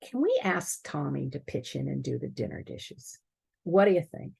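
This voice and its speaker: A woman quoting a gentle stepmother who softly asks her partner for help, in a slightly husky, creaky voice. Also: a bass voice, big pitch swings, moderate pace, voice pushed down, full character voice. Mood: gentle coaxing. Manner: soft, coaxing. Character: gentle stepmother making a soft request.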